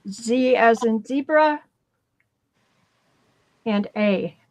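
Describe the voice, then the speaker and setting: A woman assisting at a live craft sale, calmly reading out buyers' requests from comments. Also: a little high, extremely slow, no room sound, poor audio. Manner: calm, relays comments.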